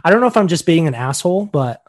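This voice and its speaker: A man co-hosting a podcast in casual chat, joking and blunt, quick to laugh. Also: on the high side, animated. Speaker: podcast co-host.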